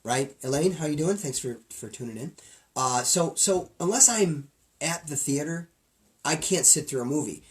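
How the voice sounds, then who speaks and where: A man's voice: a little high, normal speed. A man from upstate New York co-hosting a podcast, joking and self-deprecating in casual banter. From New York State. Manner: animated, jokey, self-deprecating. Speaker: podcast co-host.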